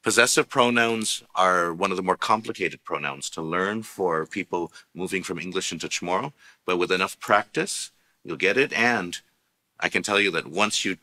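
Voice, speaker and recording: Man, language teacher, patient, explanatory, low voice. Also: bright, forceful tone. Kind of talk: recorded language lesson.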